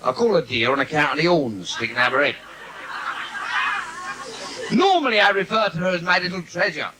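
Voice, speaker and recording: Brief: London man, lively sing-song comic patter, noisy live-theatre sound. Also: a little high, fairly quick. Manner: brash, cheeky patter with audience asides. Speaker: stand-up comedian. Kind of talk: live bawdy stand-up routine. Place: theatre stage before a live audience.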